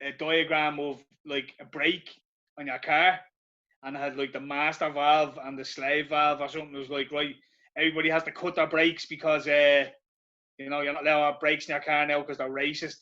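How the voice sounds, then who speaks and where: A man's voice: on the high side, flat delivery, brisk, pushed and bright. A man co-hosting a podcast, talking bluntly and with swearing. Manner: blunt, sweary, agreeing asides. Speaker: podcast co-host. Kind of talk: casual podcast chat. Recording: dull lo-fi podcast audio.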